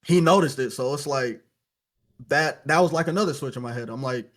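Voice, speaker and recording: A man's voice: mid-range voice, brisk, a bit bright. A young man from Louisiana, a podcast guest telling his story in a casual, reflective way, with lots of "you know" fillers.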